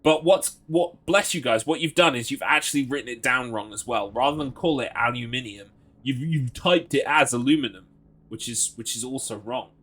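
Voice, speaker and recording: A young British man commentating his own playthrough. His voice has a bright edge at a middle pitch, and he slips between reading the game text aloud and joking with his viewers. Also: moderate pace. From Britain. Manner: reads item text aloud, mocks and jokes with chat. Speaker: streamer.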